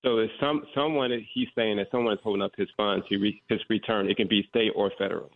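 A man appearing as a financial expert guest, explaining in a measured way. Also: lowish voice, fairly even intonation, vocal fry. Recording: phone-like line.

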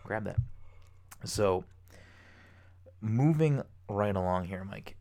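A young man co-hosting a podcast, chatting casually, rambling with excitement and swearing freely. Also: lowish voice, slow. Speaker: podcast co-host. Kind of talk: casual chat.

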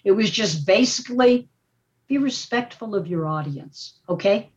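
An older woman talking in a lively, emphatic way, often tagging her points with "okay?". Her voice sits at a middle pitch. The audio sounds a little dull and muffled. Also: measured pace. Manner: animated, emphatic, frequent "okay?" tags. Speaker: guest, media professor. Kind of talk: casual podcast talk.

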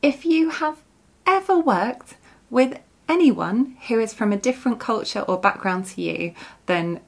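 Chatty woman podcast host. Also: mid-range voice. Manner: chatty, breaks into giggles while reading aloud. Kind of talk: book review monologue.

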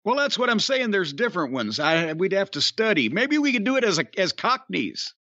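Male podcast host, high voice, profane and wisecracking, dry muffled recording. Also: sing-song, fairly quick, sharp tone, dry recording. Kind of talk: casual podcast talk. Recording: dry, dull lo-fi sound.

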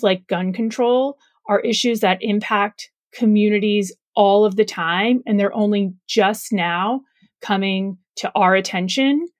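Woman podcast host and parent, earnest urging monologue, middle pitch, dry close sound. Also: no echo. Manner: earnest and urging, repeats calls to action.

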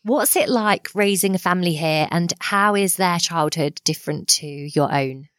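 A woman interviewing a guest, asking questions in a measured, warm way. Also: fairly low pitch, no room sound, clean studio sound.

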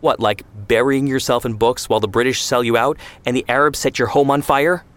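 A man's voice: lowish voice, very animated, brisk. A man reading the lines of a defiant twenty-year-old who answers sarcastically and defensively in an audio story. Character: hot-headed young man of twenty, defiant.

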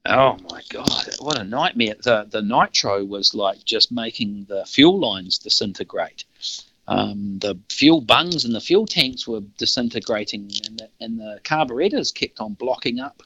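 A man's voice: medium pitch, sharp tone, no room sound, dull audio. A middle-aged New Zealand man with a New Zealand accent, telling stories casually as a podcast guest, rambling and laughing with frequent restarts. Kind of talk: casual storytelling.

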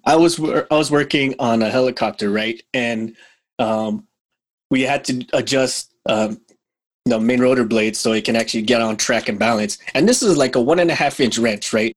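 A man hosting a casual podcast chat, telling work stories in an animated way and laughing often. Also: medium pitch. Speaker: podcast host.

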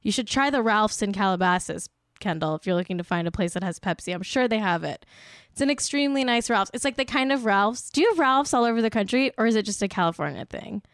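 A woman's voice: medium pitch, lively intonation, quick pace, clean tone, no echo, clean studio sound. A young woman hosting a podcast, chatting casually in a giggly, rambling, playful way. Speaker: podcast host. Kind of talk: casual chat.

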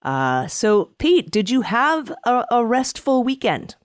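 A woman's voice: on the high side, sing-song, takes it slowly, clear, resonant tone, no echo, clean studio sound. Chatty sarcastic woman podcast host. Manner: laughs often, chatty and sarcastic. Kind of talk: casual political podcast chat.

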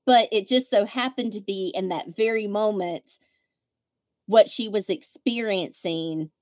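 A woman's voice: medium pitch, a little slow, a little mellow, no room sound, clean studio sound. A woman hosting a podcast, telling candid, wry stories in casual chat and acting out what others said. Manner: candid, wry storytelling with quoted voices. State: widow. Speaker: podcast host.

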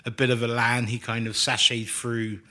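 A man's voice: medium pitch, little pitch movement, moderate pace, pushed and bright. A man co-hosting a casual football podcast, wordy and thoughtful, with playful turns of phrase. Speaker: podcast co-host.

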